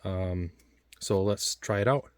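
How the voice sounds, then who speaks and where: With a low voice and clean studio sound free of room noise, a man reviews old food in a casual taste test. His talk is rambling and halting, packed with restarts and fillers.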